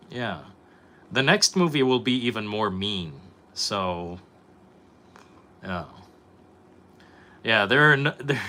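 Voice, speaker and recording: A young streamer with a lowish, sharp-toned voice chats casually with his viewers, rambling, swearing a lot and reacting to chat.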